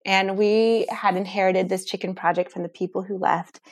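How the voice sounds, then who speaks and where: A woman guest in a conversation, telling a personal story in an animated way, full of restarts and "like". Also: medium pitch, normal speed, no echo, studio quality. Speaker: interview guest.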